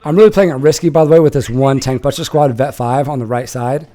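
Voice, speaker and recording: A young man shoutcasting a strategy game he played in, casual and animated, swearing and laughing. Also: medium pitch, fast talker.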